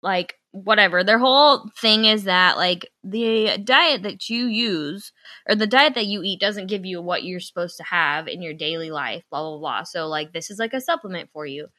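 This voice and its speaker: In a lowish voice with no echo, a young woman tells a story on the podcast she co-hosts. The chat is casual and lively; she readily acts out other people's lines and swears when irritated.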